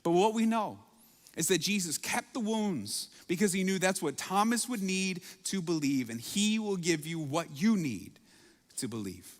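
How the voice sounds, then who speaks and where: A man's voice: high-pitched, very animated, a little slow. Man preaching in a reverberant hall. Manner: dramatic shifts between soft intimate lines and loud bursts. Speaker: pastor. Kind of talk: sermon.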